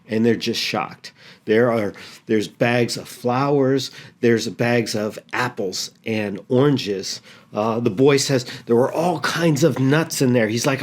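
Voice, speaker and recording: Halting man telling a sermon story. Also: mid-range voice. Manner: halting, repeats words, earnest. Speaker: pastor.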